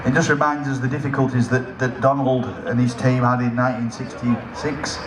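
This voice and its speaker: A man's voice: medium pitch, flat delivery, fairly quick. Man announcing over an echoing PA. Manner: chatty, self-mocking jokes between notices. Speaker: event announcer. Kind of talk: casual public announcements over a PA. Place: outdoors at a lakeside festival. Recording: echoey PA sound with outdoor noise.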